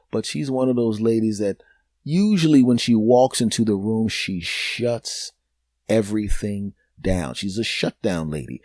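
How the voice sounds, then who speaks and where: A man telling a comic story on his podcast, his voice mellow and unhurried at its core. He talks in an animated, chatty way and keeps checking in with the listener. The recording is dry and close. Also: fairly low pitch, no echo. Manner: animated, conversational, with frequent "right?" asides. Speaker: podcast host.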